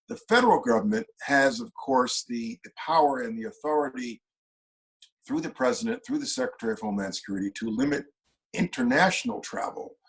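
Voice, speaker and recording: A man answering interview questions from his home over a video call, measured and lawyerly, with steady emphasis. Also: medium pitch, rough recording. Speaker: former government official, guest.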